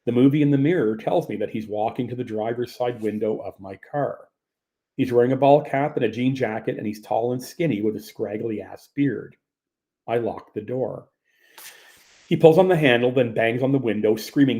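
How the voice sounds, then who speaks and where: A man's voice: mid-range voice, normal speed, warm tone. A man narrates his own memoir in the first person. His delivery is tense and full of casual profanity, in an ordinary mid-range voice. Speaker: author reading his own story.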